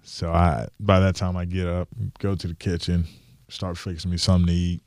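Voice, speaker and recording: A young man, a guest on an interview, telling his story in a casual, animated way and acting out what he thought at the time. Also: sits low, normal speed, dry recording, clean studio sound. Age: young adult. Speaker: NFL tight end, guest.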